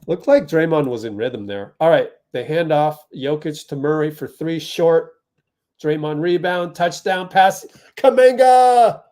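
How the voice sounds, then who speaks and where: A young man from the Bay Area hosting a fan watch party, giving chatty live play-by-play that spikes with excitement on big plays. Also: fairly high pitch, a little slow.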